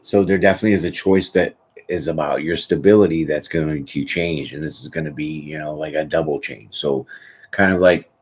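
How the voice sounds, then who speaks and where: Speaking briskly in a very deep, breathy voice, a tarot reader hosts his channel's live question session, rambling casually and repeatedly adding "you know what I'm saying."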